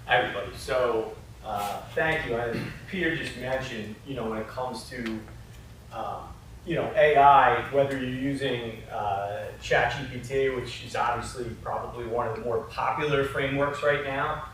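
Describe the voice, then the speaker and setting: A man gives a loose, conversational talk at a conference, his voice bright and forceful. The sound comes from a distance in a very echoey hall, with a faint hiss underneath. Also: medium pitch, moderate pace. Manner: conversational, with frequent "you know" and "right?". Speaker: conference presenter. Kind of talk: casual conference presentation.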